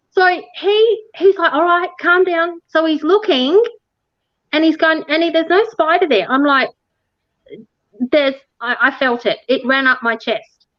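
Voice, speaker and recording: A woman telling a ghost-tour story in casual chat, animated, laughing often and acting out what people said. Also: very high-pitched, slow, pauses often, no echo, highs cut off. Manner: animated, laughs often, acts out quoted dialogue. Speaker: interview guest recounting a ghost tour.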